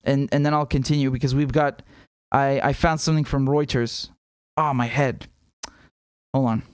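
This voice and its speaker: Medium in pitch and a little fast, his delivery is smooth, recorded studio-quality with no echo. Despite a headache, the man streams live, answering chat and commenting casually, blunt and profane, animated, with many restarts and words said over and over.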